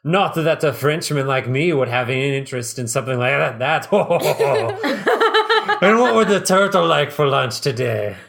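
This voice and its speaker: A man's voice: sits high, wildly swooping pitch, extremely slow, vocal fry, pauses often, pitched above the performer's own voice, heavily acted. Man putting on a silly fake French waiter. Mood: hammy. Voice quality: ridiculous fake French accent. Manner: hammy, loud and drawn out. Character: bumbling male undercover cop faking French waiter.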